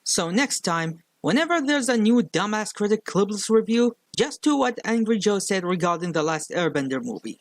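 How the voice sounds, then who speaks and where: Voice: medium pitch, animated, moderate pace, few pauses. Earnest commentator with a non-native accent. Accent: non-native English accent. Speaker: YouTube critic.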